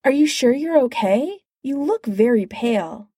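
A woman's voice: high-pitched, lively intonation, unhurried, dark tone, breathy edge, dry recording, clean studio sound, pitched above the performer's own voice, exaggerated voice. A woman voicing a bubbly, gushing young woman who talks in an eager, chatty way. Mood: excited. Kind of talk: audiobook character voice.

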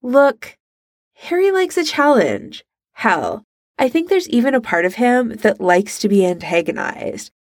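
A sly young woman teases and pushes, her voice swooping up and down with emphasis, as a woman reading the story puts her on. The delivery is unhurried and close to the mic, in a dry room. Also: fairly high pitch, big pitch swings, dry recording, pitched above the performer's own voice. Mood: teasing. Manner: teasing and emphatic. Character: sly, teasing young woman, bold and lively. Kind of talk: fan fiction read aloud.

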